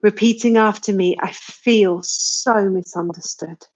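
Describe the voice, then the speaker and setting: A woman leading a live tapping session, giving slow, soothing guidance and phrases to repeat, with sighs and yawns along the way. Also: medium pitch, steady tone, a little mellow.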